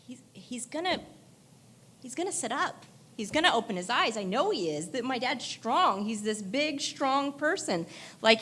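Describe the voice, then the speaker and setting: A woman with a high voice delivers a heartfelt eulogy in a church. She tells candid stories with a mix of laughter and tears, and her voice breaks into crying at times. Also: a bit bright. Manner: emotional, candid storytelling with laughter through tears. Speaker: daughter giving a eulogy. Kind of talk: memorial eulogy.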